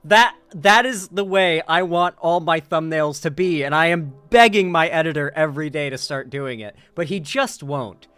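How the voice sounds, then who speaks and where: A man's voice: on the high side, normal speed, hardly any pauses, fairly bright tone, clean tone, no room sound, soft background music. A man streaming casual commentary, rambling with many repeated words and restarts. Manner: rambling, repeats words, laughs at own jokes.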